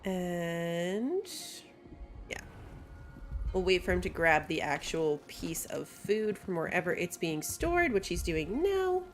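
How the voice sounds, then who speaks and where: A woman's voice: on the low side, very animated, slow, soft background music. Woman, streamer, casual gameplay chat, talkative, laughs often. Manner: chatty, reads chat aloud, laughs often.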